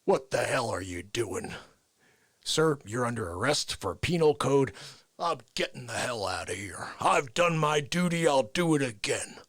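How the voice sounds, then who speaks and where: A man doing an impression of a gruff older male film star, growling and snapping into shouted outbursts. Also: medium pitch, very animated, a little slow, dry recording, studio quality, voice pushed down. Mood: raging.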